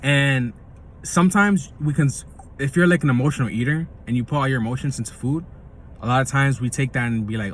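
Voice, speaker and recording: A man's voice: medium pitch, brisk, slight background noise, rough recording. A young man hosting, talking in a loose, slangy casual monologue and laughing often. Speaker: podcast host.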